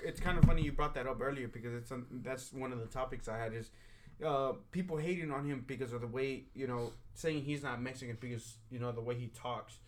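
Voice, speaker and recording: A man's voice: medium pitch, a little fast. A man hosting a podcast in casual chat, emphatic, swearing and often asking for agreement. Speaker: podcast host.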